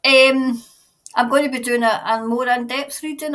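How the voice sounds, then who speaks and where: A woman's voice: on the high side, fairly even intonation, brisk, a bit bright. A Scottish woman reading tarot on a casual livestream, chatting in a rambling way with lots of fillers and frequent laughs. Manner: chatty and rambling, laughs often, many "like" and "you know" fillers. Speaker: tarot reader reading viewer comments.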